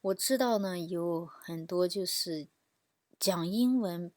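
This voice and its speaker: A woman's voice: on the low side, slow, darkish tone, dry recording. A woman language teacher giving a patient instructional explanation and demonstrating example words.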